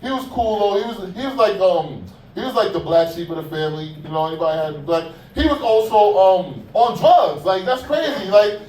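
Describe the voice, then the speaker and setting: A man with a high voice works a comedy club crowd, rambling through profane stories full of fillers and asides. He sounds distant from the mic, and the room rings with echo under a faint hum of ambience. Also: animated, fairly quick, hardly any pauses, a little mellow. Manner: loose, profane, conversational storytelling with lots of fillers. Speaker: stand-up comedian. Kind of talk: stand-up comedy set.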